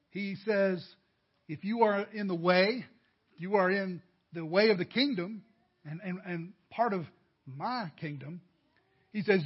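A man's voice: high-pitched, slightly rough, highs cut off. A man preaching a sermon as pastor, addressing the congregation directly with emphatic rises. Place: church.

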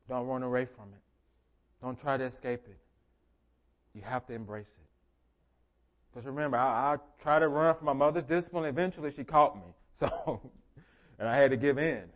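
A man preaching a sermon as pastor, emphatic, repeating his phrases and swinging between soft and loud delivery. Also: medium pitch, moderate pace, pauses often, highs cut off.

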